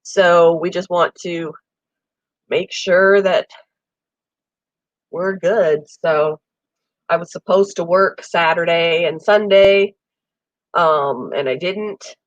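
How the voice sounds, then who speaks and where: A woman's voice: lowish voice, slow, pauses often, no room sound, muffled recording. Woman with a cold, chatting about pets. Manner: rambling, friendly, many ums. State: has a summer cold, coughing. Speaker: pet channel host. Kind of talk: casual live chat with viewers. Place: home room with air conditioner.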